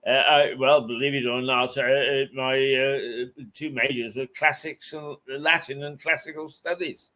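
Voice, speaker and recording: An older man reminiscing as an interview guest, halting often and chuckling between his memories. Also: medium pitch, steady tone, pushed and bright. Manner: halting, with frequent hesitations and chuckles. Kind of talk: reminiscing anecdote in conversation.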